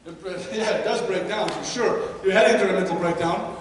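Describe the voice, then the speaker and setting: A man in his thirties giving a lively motivational talk to young ball players and parents, often asking the audience questions. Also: sits high, a little fast, slight background noise. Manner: energetic, asks the audience questions. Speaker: guest speaker at a youth baseball seminar. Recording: echoey hall, mic far off.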